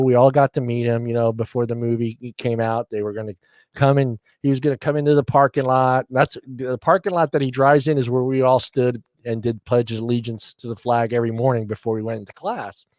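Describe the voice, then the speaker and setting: An older man hosts a loose panel chat and rambles through his stories, laughing often and starting over mid-sentence. His voice sits at an ordinary pitch for a man. The recording is dry and close. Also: a little mellow, no echo. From Philadelphia area, USA. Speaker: host.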